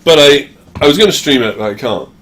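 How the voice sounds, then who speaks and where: Tipsy man in his forties, rambling livestream monologue, profane, chuckling, mid-pitched voice. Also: lively intonation, fast, fairly bright tone. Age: 40s. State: tipsy from drinking. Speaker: livestream host.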